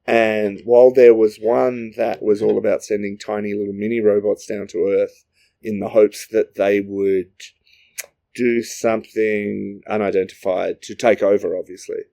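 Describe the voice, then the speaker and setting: A man's voice: on the low side, level tone, a little slow, gravelly, warm tone. A man co-hosting a podcast, improvising a comic story in a rambling, jokey way. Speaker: podcast co-host.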